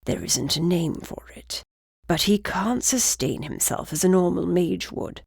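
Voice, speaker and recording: Grim guy griffin, low and hushed, dry close sound, woman doing him. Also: lively intonation, unhurried, gravelly, husky, no echo, exaggerated voice. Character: grave male griffin informant, secretive.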